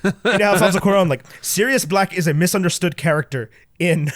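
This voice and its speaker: A man co-hosting a podcast, chatting casually about movies, animated and full of stumbling restarts. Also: sits high, a little fast, no room sound, clean studio sound. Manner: animated, stumbling restarts, quotes people in voices. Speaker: podcast co-host.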